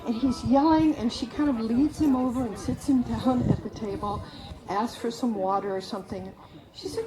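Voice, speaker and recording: A woman telling a lively personal story at a memorial gathering, acting out the people she quotes. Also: a little high, normal speed, background noise. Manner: animated, acts out quoted voices. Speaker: memorial speaker.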